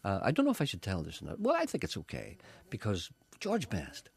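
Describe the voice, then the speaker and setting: A man's voice: fairly low pitch, wildly swooping pitch, a little fast, creaky, slightly rough. An older man, a radio presenter chatting and telling stories in a rambling way, often repeating "you see". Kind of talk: casual chat.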